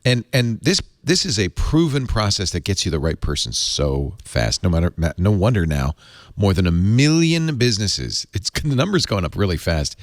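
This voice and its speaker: Brief: middle-aged male podcast host, low voice, very animated ad read, dry close mic. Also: normal speed, no room sound. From Rhode Island. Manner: animated, rambling ad delivery with restarts. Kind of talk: casual tech podcast chat and live ad read.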